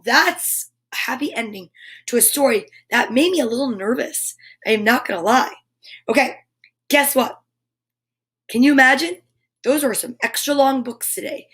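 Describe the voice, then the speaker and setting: A woman hosting a children's story time, reading picture books aloud in an animated way with playful asides to her young listeners. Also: high voice.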